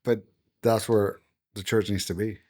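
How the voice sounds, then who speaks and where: A man's voice: fairly low pitch, flat delivery, measured pace, mellow. A man, a pastor, talking in a casual podcast conversation in an earnest, preacherly way. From United States. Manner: earnest, preacherly, acts out quoted voices. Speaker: pastor and guest.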